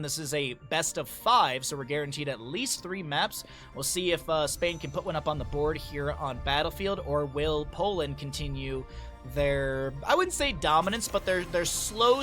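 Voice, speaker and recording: Bright-voiced tired caster from the Midwest. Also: male voice, a little high, animated, unhurried, faint music behind. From American Midwest. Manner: chatty, talks to chat between plays. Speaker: esports caster. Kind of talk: live game commentary.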